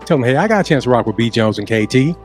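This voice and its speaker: Fast-talking male co-host. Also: medium pitch, animated, soft background music. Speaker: podcast co-host. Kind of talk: interview hosting.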